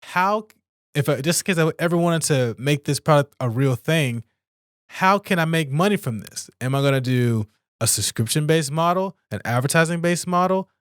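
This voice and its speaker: A man's voice: clean tone, dry recording, studio quality. A man hosting a solo podcast, reading out points and ranting about them in a casual, swearing way. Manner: casual, ranty, swears, bursts of high-pitched exasperation; reads aloud and comments with asides. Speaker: podcast host.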